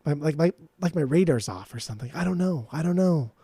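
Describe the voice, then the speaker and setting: A man's voice: a little high, lively intonation, fast talker, dark tone, slightly rough, dry recording. A man co-hosting a podcast, talking in a rambling, profane, ranting way. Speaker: podcast co-host. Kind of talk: casual podcast chat.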